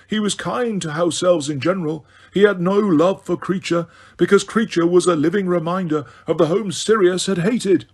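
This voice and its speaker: A man voicing a wise, weary old male headmaster wizard in an audiobook, speaking in a measured, gentle, grave way. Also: high-pitched, husky, pitched above the performer's own voice. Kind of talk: audiobook character reading.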